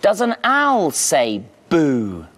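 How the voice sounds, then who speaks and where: A man's voice: on the high side, huge pitch swings, very slow, a bit bright. A man presenting a preschool TV show, telling a story playfully and slipping into animal noises. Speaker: children's TV presenter.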